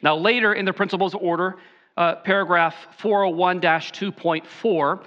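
Bright-voiced male pastor preaching emphatically. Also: high voice, steady tone, lo-fi sound. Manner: emphatic preaching with slowed, stressed key phrases. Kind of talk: sermon.

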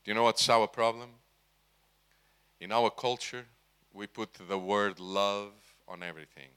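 Slow, bright-voiced male preacher. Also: fairly low pitch, clear, resonant tone. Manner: asks the audience questions, emphatic. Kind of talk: sermon.

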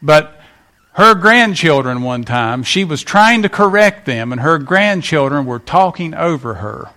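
A man's voice: fairly high pitch, unhurried. A man preaching a sermon, telling folksy stories and acting out quotes. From West Virginia. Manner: folksy storytelling, animated acted quotes. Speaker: pastor.

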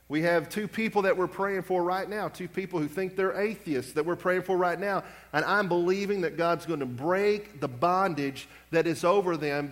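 A male pastor delivers an impassioned sermon in a somewhat high voice, pressing his points with growing urgency. His words ring out with a long reverb tail from the church sanctuary around him. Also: fairly bright tone. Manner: impassioned, rising to urgent emphasis.

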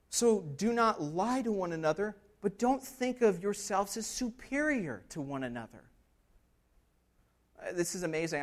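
Preaching an expository sermon, this male pastor keeps an earnest, conversational tone, often asking "right?" before climbing into emphatic stretches. His pitch is fairly high.

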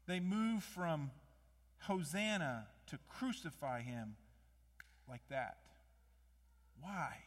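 A man preaching a sermon, animated, with many rhetorical questions, rising to loud emphasis and dropping low again. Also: drawn-out words, pauses often. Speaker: pastor. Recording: long hall reverb.

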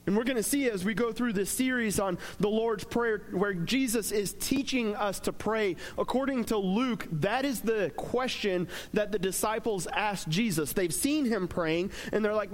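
A young male pastor with a high voice preaches in a loose, conversational way. He jokes with the congregation and talks through his points with plenty of fillers. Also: normal speed. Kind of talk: sermon.

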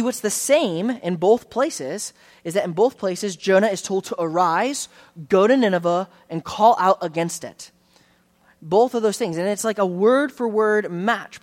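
A pastor giving an earnest, conversational sermon in a church, often restarting phrases and slowing down on key words. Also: male voice, high-pitched. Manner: earnest, conversational preaching with frequent restarts and slowed emphasis.

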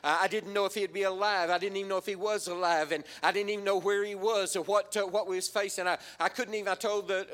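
High, bright-voiced older male preacher. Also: steady tone, fast talker, hardly any pauses. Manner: emotional, repeats words, swells into fervent crying out. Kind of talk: sermon testimony.

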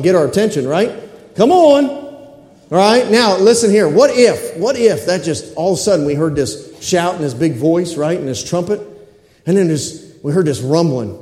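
A man preaching a sermon as pastor in a church, excitable and calling out for amens from the congregation. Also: high voice. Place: church sanctuary. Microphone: stage microphones. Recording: echoey church hall.

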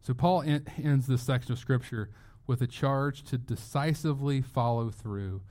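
Preaching to his flock, this mid-pitched pastor keeps his intonation fairly even and his pace moderate, his tone on the dark side. He's earnest and emphatic, stressing key phrases, and often stops mid-sentence to start over.

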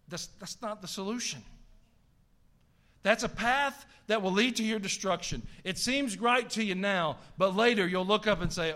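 Emphatic Southern US pastor preaching. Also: male voice, sits high, lively intonation, moderate pace, sharp tone. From American South. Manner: preachy and emphatic, with folksy asides. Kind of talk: sermon.

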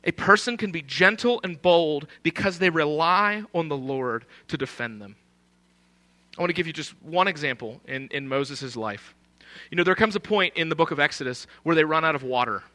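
A man's voice: fairly high pitch, moderate pace, bright, forceful tone. A man preaching a sermon in an emphatic, conversational way, often posing rhetorical questions.

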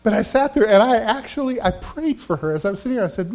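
High-voiced man preaching a sermon. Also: expressive, fast, hardly any pauses. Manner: conversational, swings between loud emphasis and quiet asides. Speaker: pastor. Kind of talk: sermon with personal stories.

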